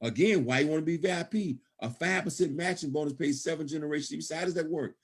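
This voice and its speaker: Emphatic man pitching on a call. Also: quick pace, breathy edge. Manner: emphatic, repetitive, frequent "okay?" check-ins. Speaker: presenter of a business opportunity call. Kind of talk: sales pitch on a conference call.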